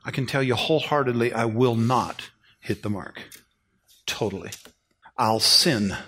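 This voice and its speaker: A middle-aged man preaching a sermon in a folksy, animated storytelling way. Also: mid-range voice, a little slow, breathy edge. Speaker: pastor.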